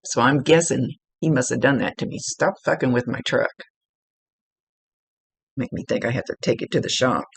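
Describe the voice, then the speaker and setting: A woman psychic medium talks through a reading in a relaxed, chatty way, blunt and quick to laugh. Her voice is gravelly and husky. The sound is close and dry, with no room around it. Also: rumbling low, no echo. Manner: chatty and blunt, laughs often, swears casually. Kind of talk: casual spoken reading for a client. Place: indoors at a table.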